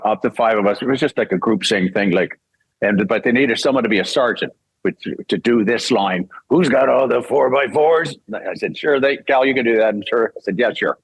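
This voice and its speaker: A man's voice: on the low side, husky, no echo, rough recording. An older man from Canada, a voice actor and singer, telling a casual story and acting out the voices he quotes, laughing often.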